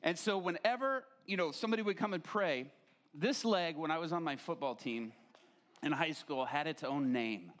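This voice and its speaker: A pastor with a high, very lively voice tells a story from the pulpit and plays it for laughs. His pitch climbs and drops as he acts out each person in the tale. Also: moderate pace. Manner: animated, acts out quoted voices. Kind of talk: humorous sermon storytelling.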